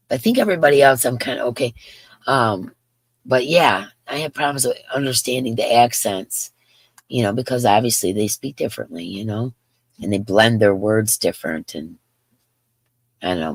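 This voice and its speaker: Chatting casually on her craft livestream, a woman in her fifties speaks in a bass voice, captured dry. She meanders as she talks and reads her viewers' comments aloud to them.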